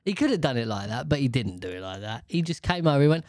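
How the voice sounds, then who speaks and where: A man chatting casually as a podcast co-host. He rambles and is animated, and he keeps breaking into little voices. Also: medium pitch, fast, no echo, studio quality. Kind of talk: casual chat.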